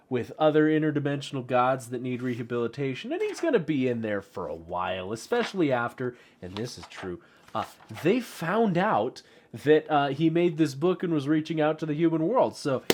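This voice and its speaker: A man's voice: mid-range voice, a little mellow. A man hosting a casual vlog about his collectibles, talking in a playful, self-mocking way with many fillers and restarts. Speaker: YouTube host.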